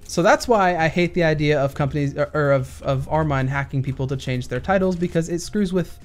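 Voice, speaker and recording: A man's voice: fairly high pitch, a little fast, faint music behind. Gamer dude ranting while he plays, keeps restarting sentences, lots of analogies. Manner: rambling, many restarts, explains with analogies; talks while playing a shooter game. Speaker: gaming YouTuber. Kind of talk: casual Q&A rant over gameplay.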